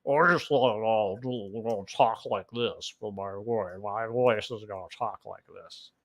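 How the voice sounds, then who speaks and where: A man putting on the voice of a young male college guy, talking in a slow, lazy drawl. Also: fairly low pitch, no room sound, pitched below the performer's own voice.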